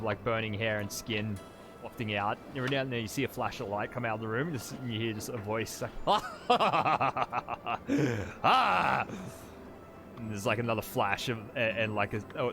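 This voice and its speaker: A man narrating as game master of a tabletop game, halting with fillers and restarts. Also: fairly low pitch, fairly even intonation, over music.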